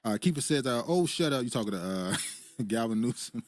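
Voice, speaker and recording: A man's voice: mid-range voice, expressive, fairly quick, dry recording. A man hosting a casual political commentary stream, laughing often as he reads viewer comments aloud. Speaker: host reading live chat.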